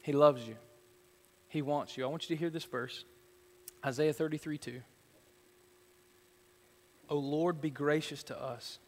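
A man's voice: a little high, fairly even intonation, a little slow, long pauses, in a large hall, slight background noise. A man preaching as a pastor, earnest and rising into fervent prayer, in a church sanctuary. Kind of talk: sermon.

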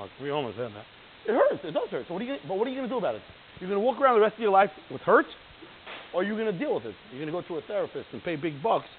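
A man giving an informal Torah class to a group, animated, laughing and acting out the voices he quotes. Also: sits high. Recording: tinny phone-line sound with faint hiss.

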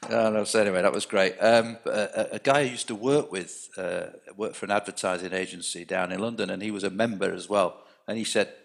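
A man's voice: fairly low pitch, brisk, vocal fry. A man in his sixties telling anecdotes in a casual chat, often restarting his sentences. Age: 60s.

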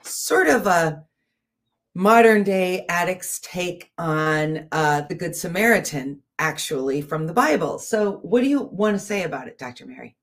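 A middle-aged woman co-hosting a casual talk show, chatty and self-deprecating, also reading a story aloud. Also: unhurried. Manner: chatty, self-deprecating, animated swings in pitch. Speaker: podcast co-host.

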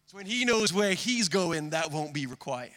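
High-voiced preacher in a reverberant hall. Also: male voice, animated, normal speed. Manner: earnest, shifts between loud emphasis and hushed delivery. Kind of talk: sermon. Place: stage before a live congregation.

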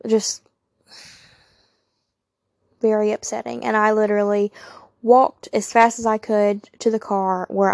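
A woman's voice: mid-range voice, vocal fry, dry recording, clean studio sound. A young woman, candidly telling a personal story on her podcast with emphatic asides to listeners. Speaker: podcast host.

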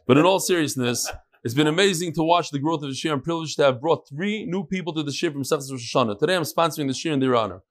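Male class host, slightly higher voice, casually reading sponsor notes and emails aloud. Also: fast talker. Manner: conversational, ad-libbing asides while reading. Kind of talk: reading sponsor dedications and messages.

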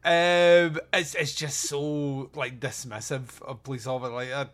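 A man's voice: mid-range voice, steady tone, unhurried, fairly bright tone. A man hosting a podcast, reviewing a movie in casual chat, sarcastic and rambling with frequent laughs. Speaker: podcast host.

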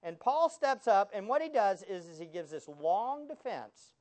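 A man preaching from the pulpit with a lively voice that swings widely up and down. He keeps asking the congregation rhetorical questions and slips in sarcastic asides. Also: sits high, moderate pace, few pauses. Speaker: pastor. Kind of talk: sermon.

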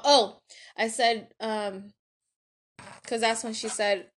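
A woman's voice: fairly high pitch, fairly even intonation, takes it slowly, pauses often. A woman hosting a podcast, chatting casually to her listeners while she cooks. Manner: chatty, addresses listeners as y'all. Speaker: podcast host. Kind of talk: casual chat while cooking.

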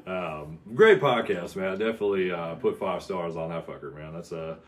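A man's voice: low voice, moderate pace. A man who is a comedian and podcast guest, chatting in a laid-back way, full of dude and man. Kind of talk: casual chat.

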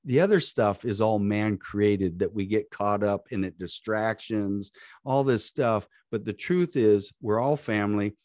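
A man's voice: fairly low pitch, measured pace, a little mellow, dry recording, clean studio sound. A man co-hosting a live podcast, talking in a motivational, preachy, encouraging way. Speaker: podcast co-host.

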